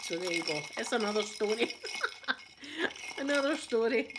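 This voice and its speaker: A Scottish woman hosting her channel, telling a story in casual, animated chat. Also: medium pitch, a little slow, very noisy. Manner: chatty, animated anecdote telling. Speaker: ASMR channel host.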